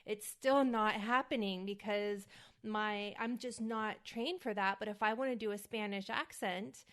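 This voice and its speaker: A woman from the United States giving a casual spoken lesson as host of her show. She talks slowly and carefully, saying single words for the listener to repeat, and sounds a little worn out. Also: medium pitch, fairly even intonation, fairly bright tone. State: a little worn out, feeling hot. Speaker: acting coach and podcast host.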